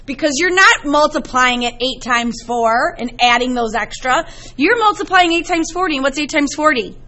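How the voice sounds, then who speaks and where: A woman's voice: sits high, expressive, moderate pace, bright, forceful tone, lo-fi sound. A middle-aged woman teaching a math class, explaining in a chatty, storytelling way to her students in a classroom.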